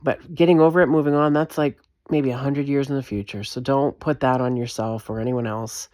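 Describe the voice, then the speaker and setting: A woman's voice: rumbling low, fairly even intonation, a little fast, a little mellow, no echo, studio quality. A woman giving an impassioned vlog rant, emphatic and repetitive, swearing freely. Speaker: vlogger.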